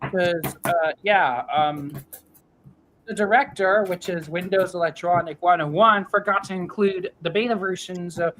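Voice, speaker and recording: A woman's voice: fairly low pitch, slight background noise. A woman hosting, chatting casually about voices and laughing often. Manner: giggly, slow and animated. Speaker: host. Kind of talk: casual chat reviewing voices.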